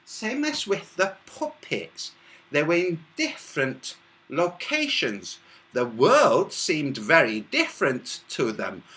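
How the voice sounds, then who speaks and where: A man's voice: a little high, pushed and bright. A man hosting a livestream, demonstrating with his hands and head while explaining to viewers and mocking his critics from the chat. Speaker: livestream host.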